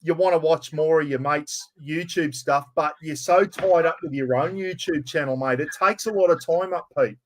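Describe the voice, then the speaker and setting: A man's voice: fairly high pitch, normal speed, hardly any pauses, a little hiss or hum, poor audio. Chatty older Australian man. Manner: matey, says "mate" constantly. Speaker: host. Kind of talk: casual live-stream chat.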